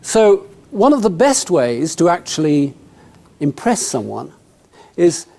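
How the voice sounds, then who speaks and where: A man speaks to a live audience about networking, joking and turning to them with questions. His voice sits a little high, with a mellow, relaxed tone. He sounds at ease in front of the room. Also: takes it slowly, creaky. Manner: humorous, conversational, addresses the audience directly. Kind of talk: motivational talk to an audience.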